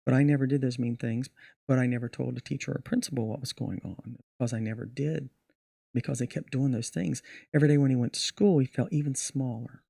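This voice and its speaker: Gravelly middle-aged guy, darkish voice, acting out his magic show story, dry sound. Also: medium pitch, fairly even intonation, fairly quick, mellow, no echo. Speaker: magician guest. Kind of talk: casual podcast interview.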